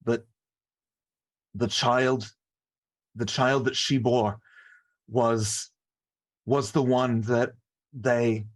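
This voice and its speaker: A man's voice: mid-range voice, fairly even intonation, extremely slow, pauses often. A man playing a tabletop role-playing game, often speaking in character and stammering and repeating words as he thinks aloud. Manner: stammering, repeats words while piecing things together. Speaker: player.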